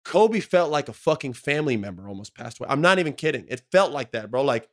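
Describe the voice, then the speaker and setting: Podcast co-host, man in his thirties, slangy, profane and emotional, mid-pitched voice. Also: big pitch swings, quick pace. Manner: emotional storytelling, slangy and profane, full of "like" and "bro". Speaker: podcast co-host, former pro basketball player. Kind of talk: casual podcast chat.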